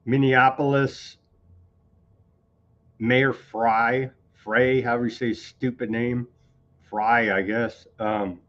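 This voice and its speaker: A man's voice: medium pitch, highs cut off. A man hosting a live news commentary stream, talking casually with sarcastic, scornful asides and rambling restarts. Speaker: news show host.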